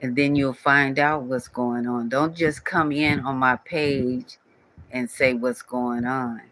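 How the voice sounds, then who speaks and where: Scolding man, bright close voice. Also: mid-range voice, steady tone, slow, a little hiss or hum, rough recording. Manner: scolding, repetitive, speaks directly to viewer. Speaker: channel owner addressing a commenter. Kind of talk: casual scolding vlog rant.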